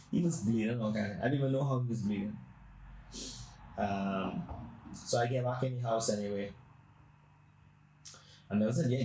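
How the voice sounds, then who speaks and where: A man's voice: medium pitch, darkish tone. A man hosting a podcast, telling a long story in a blunt, crude, rambling way. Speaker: podcast host. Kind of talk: casual storytelling. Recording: roomy echo.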